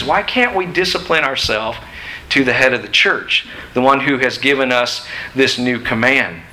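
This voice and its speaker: A man's voice: fairly high pitch, normal speed, bright, forceful tone, rough recording. A middle-aged man preaching a sermon in a church, emphatic and questioning his listeners. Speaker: pastor. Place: church sanctuary.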